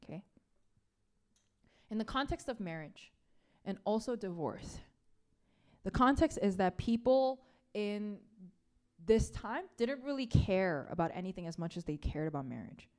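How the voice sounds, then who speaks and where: This preacher, a woman with a medium-pitched, somewhat dark voice, speaks unhurriedly and expressively, often pausing. Her sermon feels like casual conversation, peppered with "like" and "right?", and she circles back to key phrases to drive them home.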